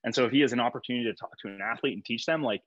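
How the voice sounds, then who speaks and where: A man's voice: medium pitch, rapid-fire, a bit bright, dry recording, highs cut off. A young male strength coach talking casually in a podcast interview, rambling with lots of fillers and laughing easily.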